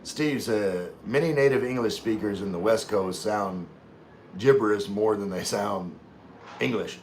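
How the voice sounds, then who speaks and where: A man with a fairly low voice chats casually on a livestream, reading out comments and rambling as he loses his place. His talk wanders with restarts and blank moments, and a faint hiss sits behind him. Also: a little slow, darkish tone. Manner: rambling, chatty, loses his train of thought.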